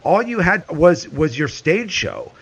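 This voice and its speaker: Give me an enthusiastic male podcast host pressing his points emphatically in casual talk. His voice sits a bit high. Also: big pitch swings, unhurried, gravelly, husky. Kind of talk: casual interview.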